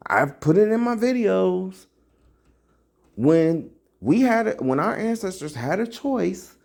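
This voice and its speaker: A slow, deliberate speaker preaching a scolding monologue, full of rhetorical questions and repeated lines. The voice leaps up and drops low with lively swings of pitch, mixing scripture talk with casual slang. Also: gravelly. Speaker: self-styled religious teacher. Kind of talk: impassioned religious monologue to camera.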